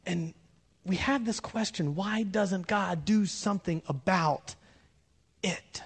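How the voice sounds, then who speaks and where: A man preaching a conversational sermon with humorous asides, swinging between loud bursts and hushed moments. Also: high-pitched, slow, husky. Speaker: pastor.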